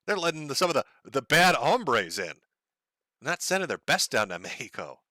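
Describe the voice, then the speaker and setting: A man's voice: mid-range voice, sing-song, normal speed, pushed and bright, no room sound. Sardonic, profane livestream host man. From United States. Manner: profane, sardonic, chuckling often. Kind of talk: casual livestream rant.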